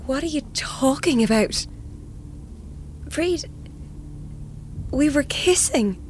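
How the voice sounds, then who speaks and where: A woman playing a dazed, blood-soaked young woman in a radio drama, stammering and halting, confused about what just happened. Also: high voice, lively intonation, darkish tone, slight background noise, pitched above the performer's own voice, low-quality recording. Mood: bewildered.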